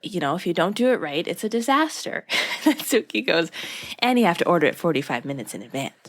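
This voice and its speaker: Podcast co-host, woman, animated recap voice with a wide pitch range, playing out the lines she quotes. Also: fast. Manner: animated, acts out characters' lines with laughs. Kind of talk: casual chat recapping a TV episode.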